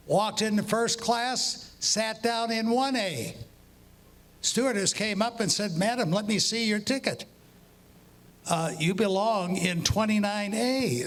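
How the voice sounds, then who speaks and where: A man's voice: sits high, fairly bright tone. A man telling long jokes at a comedy session, acting out the dialogue and drawing out the punchlines. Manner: story jokes acted out with quoted dialogue, drawn-out punchlines. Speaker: walk-on joke teller. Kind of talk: stand-up joke telling.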